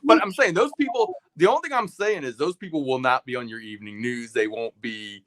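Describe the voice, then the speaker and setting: A man's voice: mid-range voice, expressive, fairly quick, a bit bright. A man co-hosting a casual chat, laughing easily and repeating words as he talks. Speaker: podcast co-host.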